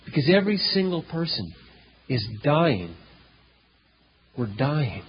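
A male pastor preaching a sermon, telling a story dramatically, with loud emphatic peaks and hushed low passages. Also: big pitch swings, takes it slowly, husky. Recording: dull lo-fi recording in a reverberant hall.

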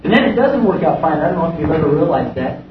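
A man preaching a sermon to a gathered audience, emphatic and swinging from loud exclamations to low murmurs. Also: sing-song, fast talker, a crowd in the background. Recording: distant roomy dull live recording with background noise.

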